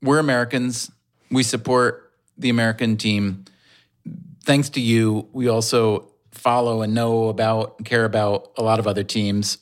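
A middle-aged man co-hosting a podcast, talking in a rambling, halting way and often restarting his sentences. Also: on the low side, fairly even intonation. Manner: rambling, halting, self-correcting. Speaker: podcast co-host. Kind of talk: casual chat.

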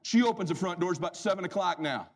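A man telling a humorous personal story as a motivational speaker, animated and emphatic. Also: high-pitched, fast. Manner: animated, emphatic, swings loud and soft.

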